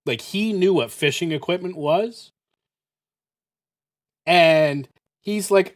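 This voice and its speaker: A man's voice: sits high, slow, long pauses. A man hosting a gaming channel, telling a rambling, profane story full of fillers. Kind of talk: casual storytelling while playing.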